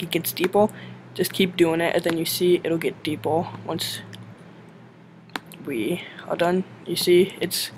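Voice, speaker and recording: A young man with a slightly high voice walks through a game editor in a loose, rambling way, leaning on "like" and correcting himself as he goes. His home mic recording carries a steady hiss of noise. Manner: rambling, heavy use of "like", self-correcting. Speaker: tutorial narrator. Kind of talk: casual screen-recorded game tutorial.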